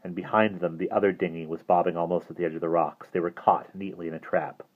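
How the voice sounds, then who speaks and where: Low-voiced man reading a novel aloud. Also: steady tone, fast. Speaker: audiobook reader. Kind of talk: audiobook narration. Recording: tinny phone-like audio.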